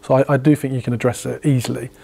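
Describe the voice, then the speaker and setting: A man's voice: medium pitch, flat delivery, very fast, vocal fry, mellow, slightly rough. A man running a sales workshop, chatty and full of fillers and restarts as he explains. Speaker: sales trainer. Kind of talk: casual workshop teaching.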